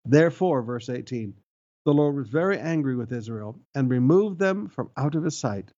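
A man's voice: medium pitch, expressive, normal speed, mellow. A middle-aged male pastor, preaching an emphatic sermon full of rhetorical questions. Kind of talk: expository sermon. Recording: dull lo-fi sound.

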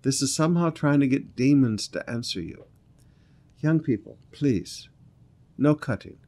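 Man, preacher, sermon, reads scripture aloud, dramatic emphasis, drops to quiet earnest asides. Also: medium pitch, animated, measured pace. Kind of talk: sermon reading scripture with commentary.

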